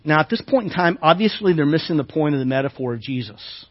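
A male pastor delivers a sermon in a high, bright-edged voice, reading scripture with building emphasis and breaking off for casual asides to his listeners. The sound is muffled and lo-fi, like a church livestream. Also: lively intonation, fast talker. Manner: reads scripture aloud with rising emphasis, asides to congregation.

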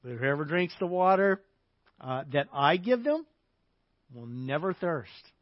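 Earnest calm teacher, read by a man. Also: fairly high pitch, a little slow, no room sound, muffled recording.

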